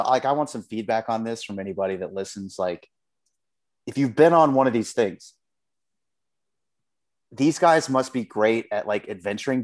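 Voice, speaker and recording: A man co-hosting a podcast, chatting casually and ranting with lots of swearing. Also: medium pitch. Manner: profane, animated ranting. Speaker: podcast co-host. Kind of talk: casual chat.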